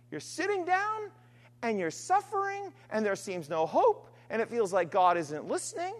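A woman preaching a sermon, earnest and emphatic, alternating forceful stress with quiet, trailing phrases. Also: high voice, sing-song, normal speed. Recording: long hall reverb.

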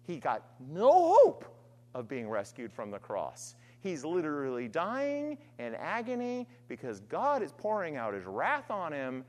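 A woman preaching a sermon, earnest and emphatic, alternating forceful stress with quiet, trailing phrases. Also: deep voice, wildly swooping pitch, measured pace. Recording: long hall reverb.

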